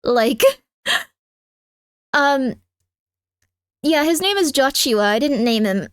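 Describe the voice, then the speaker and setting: High-voiced woman chatting on a live stream. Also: animated, drawn-out words, no echo, clean studio sound. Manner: chatty, peppered with "like", loud yelps at her cat. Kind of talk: casual live-stream chat. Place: home room with cats.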